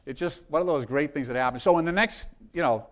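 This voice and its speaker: A man's voice: a little high, fast, slight background noise. Man spinning a rambling yarn. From South Boston. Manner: rambling anecdotes with many restarts. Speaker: congressman. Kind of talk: storytelling in a live interview.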